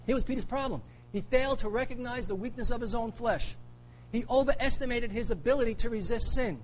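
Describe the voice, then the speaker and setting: A man's voice: very high-pitched, brisk, muffled recording, slight background noise. A man preaching a sermon, emphatic, repeating key phrases for weight. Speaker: pastor.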